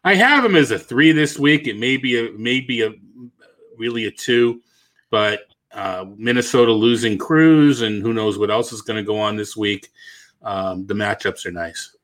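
A man's voice: lowish voice, normal speed, a bit bright. Easygoing man with a Boston accent. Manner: thinks aloud, self-correcting, laughs easily. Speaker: fantasy baseball analyst, co-host. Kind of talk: casual podcast chat.

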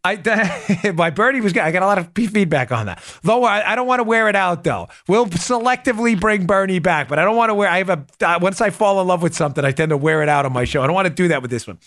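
A man hosting a political commentary show, talking emphatically, repeating his key points and breaking off into quick asides. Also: high voice, fairly bright tone. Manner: asides and self-interruptions. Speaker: podcast host.

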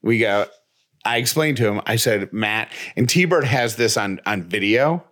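His voice is lowish and his delivery unhurried as he, a podcast co-host, relates a story in a casual way. He stays animated throughout, voicing the dialogue in quotes as he retells it.

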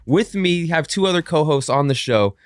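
A man's voice: on the high side, normal speed, dry recording. Upbeat male podcast host, casual sports chat, bouncy delivery, dry studio sound. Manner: energetic, upbeat, sing-song intros.

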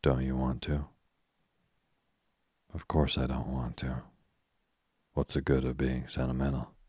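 A man's voice: a bass voice, little pitch movement, a little mellow, husky, dry recording, studio quality, exaggerated voice. A man reading the lines of a frank, spirited young woman who is restless and short of money, in a chatty, blunt manner. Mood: fretful. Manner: chatty and blunt, quick to exclaim.

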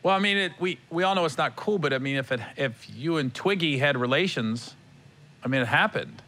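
Deadpan guy with a bright, sharp voice, a little high, keeps it dry. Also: a little fast.

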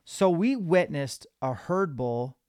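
A man hosting a podcast, telling a hunting story in an animated, casual way. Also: a little high, slow, no room sound, studio quality. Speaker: podcast host.

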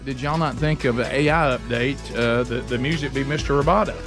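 A man's voice: medium pitch, a little fast, music in the background. A man hosting a radio talk show, rambling casually with many restarts. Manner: rambling, lots of restarts and "I mean".

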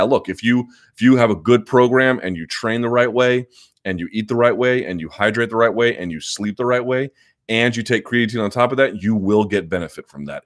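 A man hosting a live chat, answering viewer questions in a rambling, self-assured way, often restarting his sentences. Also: on the low side. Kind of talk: live chat, casual and opinionated.

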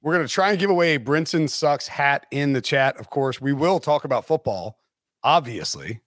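A man hosting a sports podcast in casual chat, animated and joking. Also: mid-range voice, no echo, clean studio sound. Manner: animated, joking, quick restarts. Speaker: podcast host.

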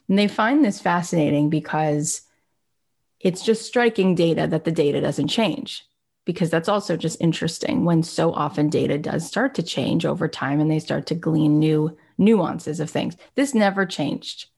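A woman's voice: deep voice, gravelly, darkish tone, husky. A woman giving a candid, reflective motivational talk. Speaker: speaker.

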